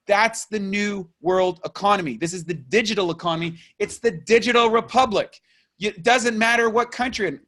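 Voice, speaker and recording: A man's voice: high voice, normal speed, sharp tone. A middle-aged man from Canada, a business coach giving a fired-up, urgent motivational rant full of rhetorical questions.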